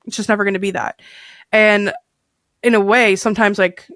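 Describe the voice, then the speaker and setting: A woman's voice: medium pitch, steady tone, moderate pace, a bit bright, no echo. Chatty woman talking openly, dry sound. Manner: open, chatty, lots of fillers and restarts. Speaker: podcast guest. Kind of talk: candid casual chat.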